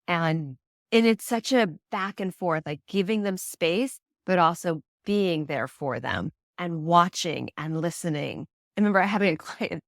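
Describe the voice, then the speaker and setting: Chatty woman, low voice, dry mic. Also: no room sound. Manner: chatty, laughs often, acts out quoted voices. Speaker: prenatal yoga teacher and doula, guest. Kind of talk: casual interview conversation.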